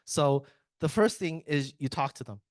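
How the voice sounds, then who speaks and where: A man's voice: on the high side, lively intonation, normal speed, no echo. A man in IT giving a casual, joking conference presentation, chatty and often breaking off mid-sentence to restart. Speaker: IT speaker at a tech summit.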